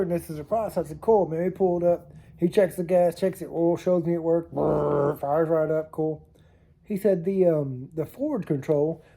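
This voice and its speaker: A man's voice: fairly high pitch, mellow. A man rambling through funny stories to camera in a casual vlog, laughing at himself. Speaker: storytelling vlogger. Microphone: camera mic on a tilting setup.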